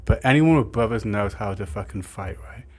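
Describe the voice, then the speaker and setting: A man's voice: on the low side, moderate pace, darkish tone. Rambling, swearing young man. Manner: rambling, full of fillers and swearing. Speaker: storyteller. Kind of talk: casual storytime monologue.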